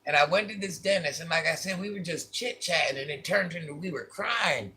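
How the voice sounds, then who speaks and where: Speaking fairly quickly, this vlogger recounts something from his own life to viewers in an easygoing, honest style. He has a somewhat high, husky voice with a bright, strained quality, and he leans on repetition for emphasis.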